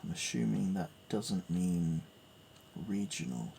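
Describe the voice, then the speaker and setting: A man's voice: deep voice, steady tone, takes it slowly, creaky, mellow, slight background noise. A man thinking aloud as he works through piano theory, reading notes and musing hesitantly with fillers. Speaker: piano learner. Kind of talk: thinking aloud while studying music theory.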